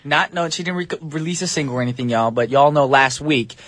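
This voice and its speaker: A man hosting a radio show in English, joking and playing with rhymes in lively banter with his co-host. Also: on the high side, fast talker. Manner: joking, rhyming wordplay, laughs often. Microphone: studio microphone.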